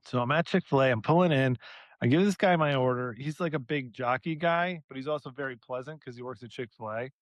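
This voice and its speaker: A man's voice: medium pitch, brisk, no room sound, highs cut off. A young man co-hosting a podcast, telling a rambling story in casual chat and laughing often. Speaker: podcast co-host.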